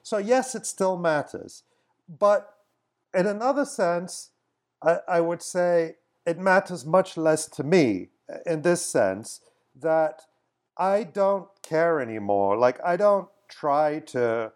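A man's voice: fairly high pitch, animated, slow pace, a little mellow. Reflective man, conversational podcast guest. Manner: reflective, often restarts sentences. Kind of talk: casual conversational answers.

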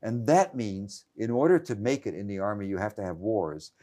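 A journalist in his late seventies is the guest in an interview, speaking at normal speed in a lowish, dark-toned voice. He rambles crankily, restarting and stammering often.

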